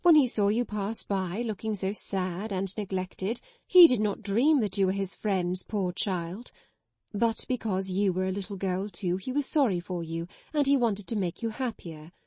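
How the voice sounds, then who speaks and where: A woman voicing a gentle, motherly woman who talks in a slow, soothing, kind way. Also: mid-range voice, dry recording, close to an everyday voice. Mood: tender.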